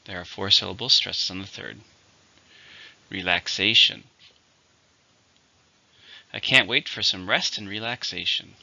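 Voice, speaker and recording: A man teaching English vocabulary, giving each word's syllables and stress before saying it clearly and using it in an example sentence. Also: fairly low pitch, bright, forceful tone, dry recording. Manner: slow, deliberate word drills with example sentences. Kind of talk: vocabulary lesson. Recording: slightly dull lo-fi recording.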